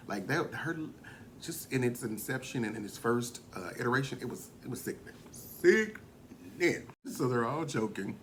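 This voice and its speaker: Gossipy man recapping with lively pitch. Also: a little hiss or hum. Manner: gossipy and animated, often laughing, slips into quoting. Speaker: reality show reviewer. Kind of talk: casual episode recap.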